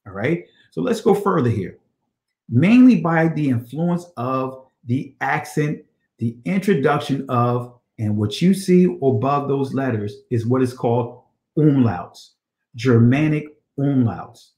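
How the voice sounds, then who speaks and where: A man's voice: medium pitch, expressive, measured pace, darkish tone, roomy sound. A man teaching a scripture study lesson on ancient Hebrew, reading passages aloud and checking in with "all right?" and rhetorical questions.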